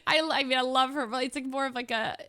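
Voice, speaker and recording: A young woman telling a story in a casual, rambling way. She often laughs and acts out the people she quotes in a higher voice. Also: fairly even intonation, fast talker, bright, forceful tone, clear, resonant tone, dry recording, studio quality. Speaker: streamer.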